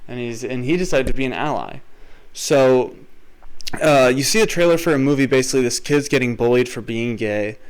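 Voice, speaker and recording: A young man hosting a podcast, ranting profanely in a comedic way, with loud swearing outbursts that drop into muttered asides. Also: mid-range voice, brisk, clear, resonant tone, rough recording. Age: young adult. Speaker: podcast host.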